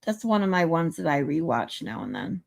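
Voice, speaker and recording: Woman, livestream host, casual chat, playful, reads comments aloud, lively pitch. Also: normal speed, vocal fry. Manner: playful, tries out pronunciations.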